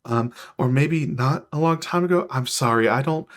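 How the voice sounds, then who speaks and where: Man doing a timid celestial, male, winged, stammering, jittery, skittish, mid-pitched. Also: fairly even intonation, a little slow, lightly acted. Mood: frightened.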